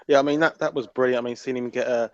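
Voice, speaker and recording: A man's voice: medium pitch, fairly even intonation, fast, no room sound. Male panelist, restarting phrases, dull audio. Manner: repeats words as he starts sentences. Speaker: podcast panelist. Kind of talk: casual podcast chat.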